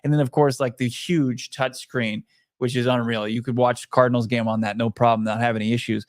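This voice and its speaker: A man's voice: medium pitch, fairly even intonation, fairly quick, no echo. Casting: chatty male podcast co-host, upbeat, dry close sound. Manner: chatty, enthusiastic salesman-like ad reads. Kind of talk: casual sports podcast chat.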